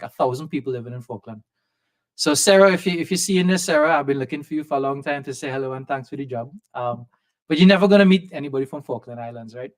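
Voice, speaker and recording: A man from Trinidad with a softened Trinidadian accent, telling a lively personal story as a podcast guest and acting out the voices of people he quotes. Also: medium pitch. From Trinidad and Tobago. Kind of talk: storytelling in a conversation. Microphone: video call setup.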